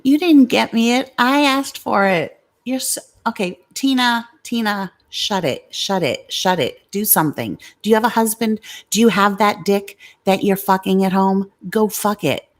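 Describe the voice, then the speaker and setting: Slow-talking woman on a livestream. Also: mid-range voice. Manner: blunt, confrontational, swears at commenters. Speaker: livestream host. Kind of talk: casual livestream chat.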